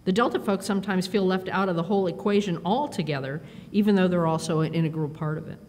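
Middle-aged woman, conference keynote, animated storytelling, long hall echo, faint room hum. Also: on the low side. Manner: animated, self-deprecating, quick asides. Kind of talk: storytelling speech. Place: performance hall.

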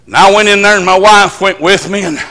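High-voiced preacher. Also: male voice, fairly quick, bright, forceful tone. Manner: folksy, emphatic storyteller with country dialect. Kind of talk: storytelling sermon. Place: church service.

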